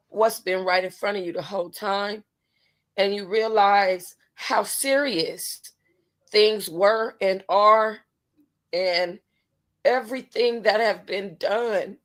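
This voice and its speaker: A woman's voice: mid-range voice, slow pace. A woman hosting a talk podcast, speaking in an emotional, impassioned way in casual commentary. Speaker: podcast host.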